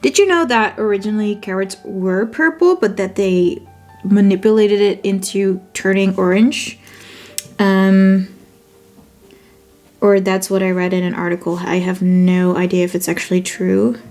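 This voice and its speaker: Slow-talking Dutch-accented woman vlogger. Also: mid-range voice, steady tone, a little mellow, soft background music. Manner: chatty, thinks aloud, corrects herself. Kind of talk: casual chat while journaling.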